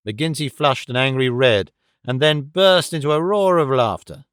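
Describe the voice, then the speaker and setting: A man's voice: medium pitch, moderate pace, a bit bright, clear, resonant tone, no room sound. Man narrating an audiobook, dry close sound. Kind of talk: scripted narration.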